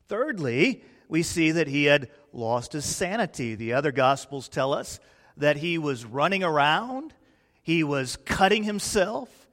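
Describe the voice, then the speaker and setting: A pastor preaching a sermon in a dramatic way, swinging from loud declarations to hushed, quiet lines. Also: male voice, a little high. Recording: long reverb in a large hall.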